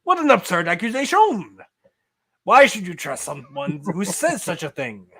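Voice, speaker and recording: A man's voice: high-pitched, wildly swooping pitch, normal speed, fairly bright tone, heavily acted. A man voicing a menacing island boss in his sixties, questioning a captive sternly. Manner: stern, interrogating.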